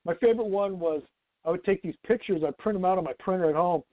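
A man's voice: high-pitched, quick pace, no echo. A man calling in to a podcast, telling rambling stories and laughing often. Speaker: phone-in guest. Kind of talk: casual podcast chat. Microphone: phone call. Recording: tinny phone line.

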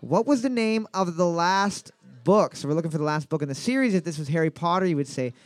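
A man hosting a bar trivia night, joking crudely between slowly read questions. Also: on the high side, animated, clear, resonant tone, no echo. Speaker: trivia night quiz host.

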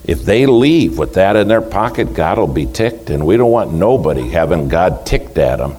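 A frank, friendly church woman sizes up a visiting preacher in a plain, folksy way, told by a man with a deep voice. Her lines swing up and down, teasing but warm in manner. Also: sing-song, moderate pace, slight background noise. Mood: matter-of-fact.

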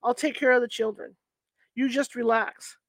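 A woman's voice: fairly high pitch, steady tone, normal speed, no echo. A woman voicing a worried, protective young husband in a read-aloud story, soothing but urgent.

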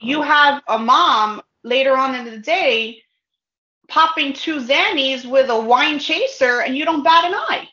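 Animated, bright-voiced woman in an echoey room. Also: sits high, unhurried. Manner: animated, laughs often, acts out quoted dialogue. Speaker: guest, cannabis educator and store owner. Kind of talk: casual interview chat. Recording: dull lo-fi audio in an echoey room.

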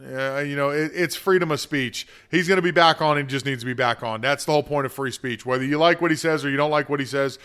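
Bright, rambling man joking at himself. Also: a little high, clear, resonant tone. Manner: rambling, self-deprecating humor, laughs easily. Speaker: show host. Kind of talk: casual spoken monologue.

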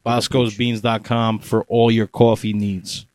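Brief: male co-host, low voice, relaxed and hesitant, dry close mic. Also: unhurried, no room sound. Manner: laid-back, hesitant, many fillers. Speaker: podcast co-host. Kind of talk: casual chat.

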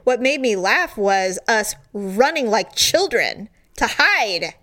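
A woman in casual chat, telling a funny story with lots of laughter and squealed, acted-out quotes. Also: slow. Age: adult. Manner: animated, laughing, acts out quotes in high squeals.

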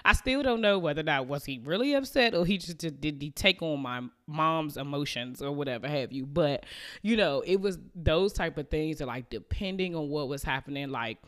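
A woman in her thirties talks through a personal story on her podcast, loose and conversational. She fills the pauses with plenty of "you know" and small laughs, and she slips into the voices of the people in her story as she goes. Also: low voice, animated, a bit bright. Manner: chatty, with many fillers and laughs; acts out family members' lines. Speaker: podcast host. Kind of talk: casual storytelling monologue.

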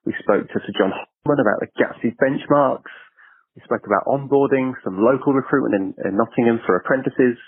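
A man's voice: medium pitch, brisk, slightly rough, no echo. A man co-hosting a podcast in a casual, chatty way, correcting himself as he goes and laughing lightly. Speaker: podcast co-host. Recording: narrow phone-like audio.

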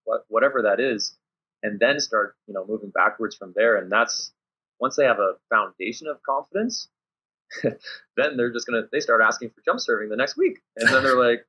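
A volleyball coach talks casually in an interview, his voice somewhat low and husky. He tells stories with energy, putting on quick voices for his players and himself. The recording sounds muffled and lo-fi. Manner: animated storyteller acting out his players and himself. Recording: dull lo-fi audio.

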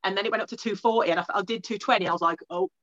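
A woman's voice: medium pitch, rapid-fire, fairly bright tone, lo-fi sound. An English woman in her thirties, a strength athlete telling stories in a casual interview, chatty and full of restarts. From England. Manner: chatty storytelling with many restarts. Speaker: strongwoman athlete guest.

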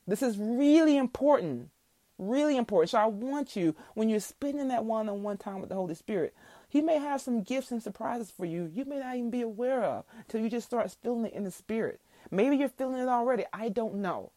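A woman's voice: a little high, expressive, fairly quick, dark tone, no room sound. A woman hosting a faith podcast, telling a heartfelt testimony and teaching scripture in a preacherly way. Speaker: podcast host.

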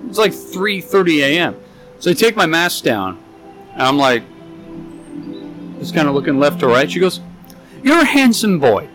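A man's voice: a little high, normal speed, pauses often, a bit bright, soft background music. A young man co-hosting a podcast, tipsy, telling a rambling, profane story and getting exasperated at his friend. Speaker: podcast co-host. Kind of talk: casual storytelling chat.

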